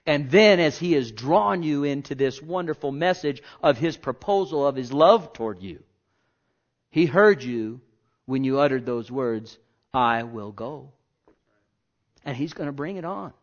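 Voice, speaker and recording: A man's voice: on the high side, lively intonation, normal speed. Emphatic preacher man, muffled lo-fi sound. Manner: emphatic, swings between loud declarations and hushed asides, rhetorical questions. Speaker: pastor. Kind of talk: sermon. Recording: dull lo-fi recording.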